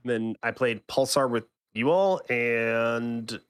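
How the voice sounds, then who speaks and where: A man co-hosting a gaming podcast with a mid-pitched, everyday voice. He talks loosely and at length, ribbing his co-hosts and circling back over his own words as he goes. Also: slow, smooth. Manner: teasing, rambling, with frequent restarts. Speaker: podcast co-host. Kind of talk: casual chat.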